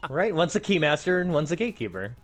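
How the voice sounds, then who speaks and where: A man's voice: a little high, very animated, fast, soft background music. A man co-hosting a gaming stream, chatting casually with blunt jokes and casual swearing. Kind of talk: casual live-stream chat while gaming.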